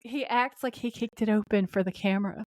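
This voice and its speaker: A woman co-hosting a podcast recaps an episode in casual chat, animatedly acting out the characters' lines in different voices. Her mid-range voice moves fairly quickly, and the recording has no echo.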